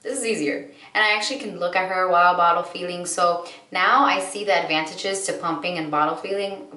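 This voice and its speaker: A woman's voice: lowish voice, fairly even intonation, brisk, bright, forceful tone. A woman in her late twenties, a vlogger and mother, telling a candid story in a chatty, heartfelt way with lots of casual fillers. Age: late 20s. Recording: roomy, distant mic.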